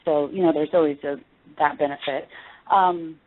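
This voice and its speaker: A woman's voice: low-pitched, fairly even intonation, moderate pace. A woman in her forties, an interview guest chatting casually, laughing often and searching for her words. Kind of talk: casual chat. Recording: tinny phone line.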